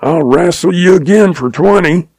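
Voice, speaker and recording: A man's voice: mid-range voice, expressive, normal speed, dark tone, no echo. A man playing a sly, folksy young cowboy. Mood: indignant. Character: young cowboy, sly, quick-witted, mock-mournful.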